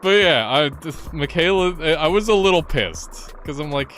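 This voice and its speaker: A young man streaming a game, telling a story in a casual, animated way, swearing freely, laughing often and jumping higher when excited. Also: normal speed, soft background music. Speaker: gaming streamer. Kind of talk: casual live-stream chat.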